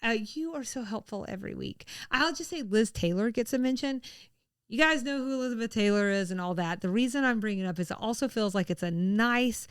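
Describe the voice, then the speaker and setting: A woman's voice: a little high, brisk, clean tone, no echo, studio quality. A woman co-hosting a podcast in casual chat, chatty with many fillers and frequent laughs. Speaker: podcast co-host.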